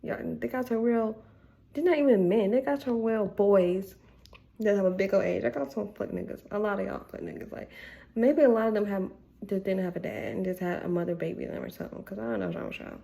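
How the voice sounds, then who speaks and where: A woman's voice: medium pitch, a little fast, creaky, mellow. A young woman ranting casually to camera, blunt and exasperated, with lots of filler words. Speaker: vlogger.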